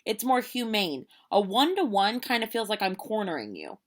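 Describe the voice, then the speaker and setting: A woman in her late twenties telling a long story in casual, animated chat, quoting people as she goes. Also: mid-range voice, normal speed. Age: 20s. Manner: animated, chatty storytelling with quoted voices. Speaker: vlogger.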